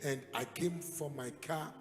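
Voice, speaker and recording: A man with a Ghanaian accent preaching a sermon, telling a story dramatically and building to loud, emphatic peaks. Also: fairly high pitch, unhurried. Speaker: pastor. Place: church hall. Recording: echoey hall with music behind.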